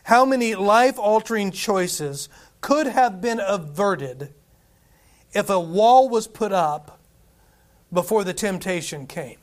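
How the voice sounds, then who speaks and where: A man's voice: high voice, animated, slow pace. A man preaching a sermon as a Baptist pastor, in a conversational way that keeps checking in with "right?".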